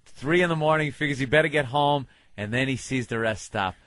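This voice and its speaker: A man's voice: medium pitch, fairly quick, a bit bright. A man co-hosting a radio show, riffing with crude, mocking jokes. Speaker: radio co-host. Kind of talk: casual radio banter.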